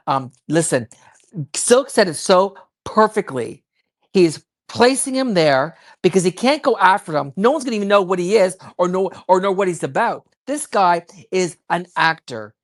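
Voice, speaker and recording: A woman giving heated, rapid political commentary, worked up and emphatic, with frequent restarts. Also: lowish voice, expressive. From child of immigrants.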